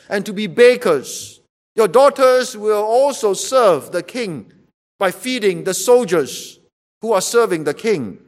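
A man preaching a sermon, emphatic and repeating rhetorical questions to drive his point home. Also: sits high.

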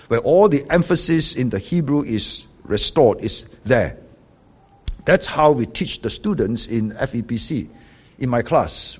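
A man's voice: a little high, a little mellow, slightly rough, dull audio. A man preaching and teaching the Bible, explaining the original text and often checking in with his listeners. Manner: explanatory, checks in with "okay?" and "right?". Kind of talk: teaching sermon.

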